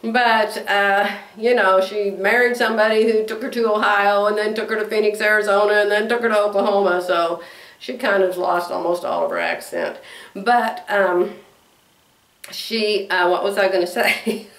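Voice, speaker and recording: A woman's voice: mid-range voice, normal speed, fairly bright tone, echoey room. A woman in her sixties chatting casually to camera in a rambling way, laughing often as she talks. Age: 60s. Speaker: vlogger.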